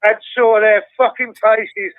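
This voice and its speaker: A man's voice: sits high, slow, no room sound. An older man calling in to a radio phone-in and telling a story with heavy swearing. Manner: swears constantly, animated storytelling. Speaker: caller. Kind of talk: casual phone-in chat. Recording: tinny phone line.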